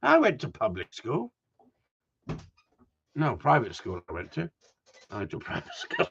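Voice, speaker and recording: A man's voice: medium pitch, wildly swooping pitch, unhurried, vocal fry, a bit bright, lo-fi sound, a little hiss or hum. A man, from Wigan, chatting on a livestream, joking, swearing and rambling at his viewers. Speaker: gundog trainer. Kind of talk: casual livestream chat.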